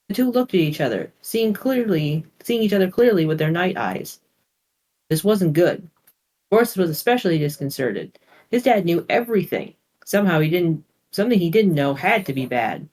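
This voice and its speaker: A reader narrating a fantasy story aloud in a steady, plain manner. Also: mid-range voice, moderate pace.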